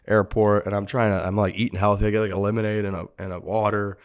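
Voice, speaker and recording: A man's voice: fairly low pitch, flat delivery, quick pace, smooth. A man co-hosting a podcast, telling stories in loose, profane banter. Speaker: podcast co-host.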